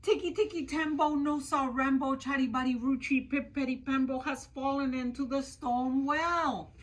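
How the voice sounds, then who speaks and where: Woman reader as small dutiful boy, frantic, shouting urgently; storybook read-aloud. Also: high-pitched, fairly even intonation, normal speed, voice pushed up, natural voice.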